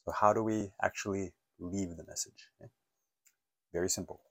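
Male English teacher, middle-aged, low voice, dry close mic, patient and encouraging, has learners repeat phrases. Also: steady tone, moderate pace, no echo. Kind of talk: online language lesson.

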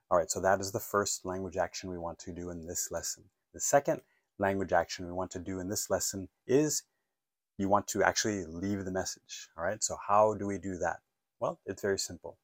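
A man's voice: deep voice, moderate pace, no room sound, studio quality. A man teaching an English lesson, patiently walking learners through phrases and asking them to repeat after him. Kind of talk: online language lesson.

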